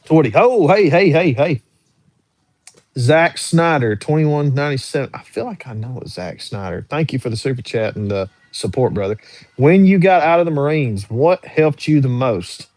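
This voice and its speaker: A young man runs a casual livestream, reading his viewers' questions aloud and answering each one in an easygoing, drawling way. His voice sits at an ordinary pitch for a man. The sound is dry and close, with no room echo. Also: animated, moderate pace, a little mellow. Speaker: livestream host answering chat.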